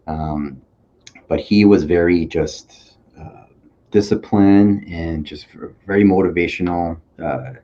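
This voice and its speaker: A man from Toronto, Canada, a police officer and army veteran, speaking as a podcast guest in an earnest, reflective way with halting fillers. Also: sits low, warm tone, dull audio. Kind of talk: candid conversational interview.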